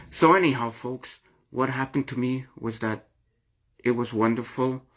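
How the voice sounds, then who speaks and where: This middle-aged man has a mid-range, slightly bright voice. In a confessional vlog to camera he rambles earnestly and emotionally about what he's been through, frequently repeating himself and starting phrases over.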